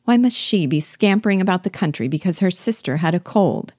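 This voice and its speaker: A woman reading aloud, voicing a snobbish, mocking young lady with scornful, drawn-out emphasis. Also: lowish voice, expressive, a little mellow, dry recording, studio quality, pitched above the performer's own voice. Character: sneering snobbish young lady, Miss Bingley.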